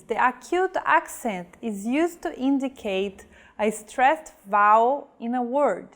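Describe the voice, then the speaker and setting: Slow, careful woman teacher. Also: on the high side, animated, a bit bright. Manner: slow, careful, enunciating example words. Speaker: language teacher. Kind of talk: slow scripted pronunciation lesson.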